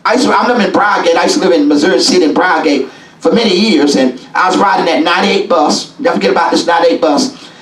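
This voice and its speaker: A man preaching a sermon as bishop in a church, folksy and call-and-response, rising now and then into shouts. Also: sits high, fast. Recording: echoey church from a distance.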